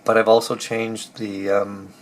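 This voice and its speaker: A man with a cold, hoarse and halting, talking through his engine tuning in a casual technical walkthrough. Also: on the low side, little pitch movement, slight background noise. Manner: halting, many ums and restarts, thinking aloud. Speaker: car restorer explaining engine tuning.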